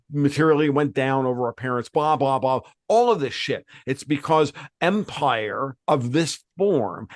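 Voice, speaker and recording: Brief: male podcast host, higher-pitched voice, dry close mic, angry swearing rant. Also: no room sound. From United States. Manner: profane, emphatic, repeats words and restarts. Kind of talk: heated political rant.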